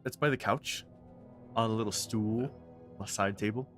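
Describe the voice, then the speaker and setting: A man streaming a video game, chatting casually and reading in-game letters aloud at a measured pace. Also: lowish voice, a bit bright, soft background music. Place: at home, on a gaming stream.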